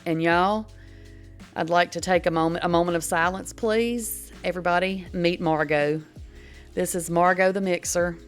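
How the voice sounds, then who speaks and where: Older woman, cooking-channel host, folksy chatter, lowish voice, faint music under. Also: fairly even intonation, normal speed. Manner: chatty, folksy, says y'all a lot. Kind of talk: casual home cooking demo. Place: home kitchen.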